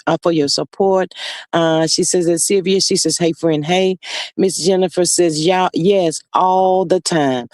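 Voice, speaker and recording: A man hosting a casual live stream on his phone, talking in a sassy, drawn-out way, calling viewers honey and child and reading their comments aloud. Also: high-pitched, darkish tone, no room sound.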